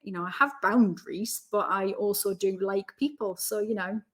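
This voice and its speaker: A woman's voice: mid-range voice, moderate pace. A woman with a Geordie accent, a guest chatting casually in an interview, jokey and self-deprecating. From North East England. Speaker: podcast guest, self-development coach.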